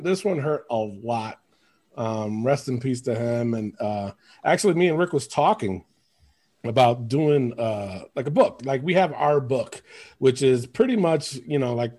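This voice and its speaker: A man hosting a podcast, telling stories in an animated, casual way, laughing often and swearing. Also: medium pitch, breathy edge. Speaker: podcast host. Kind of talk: casual chat.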